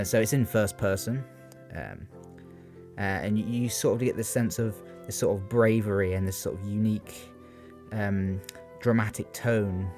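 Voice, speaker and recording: A young man with a very low, deep voice talks through his revision notes off the cuff. He hesitates often and leans on fillers as he goes. Faint guitar music plays behind him. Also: darkish tone. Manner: hesitant, many ums and "sort of" fillers. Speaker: student giving revision analysis. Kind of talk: unscripted spoken revision talk.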